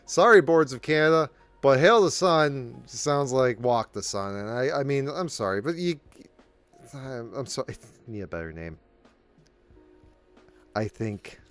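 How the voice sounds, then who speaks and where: A man's voice: mid-range voice, no room sound. A man hosting his own channel, giving casual commentary on the news. He rambles, breaks off mid-sentence and slips in apologetic asides. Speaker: channel host.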